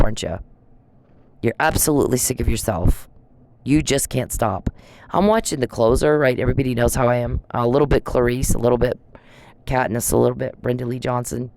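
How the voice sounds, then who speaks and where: This woman vlogger's bass voice is a little mellow as she directly addresses someone in a profane, accusatory rant. Blunt and angry, her monologue comes through with no echo.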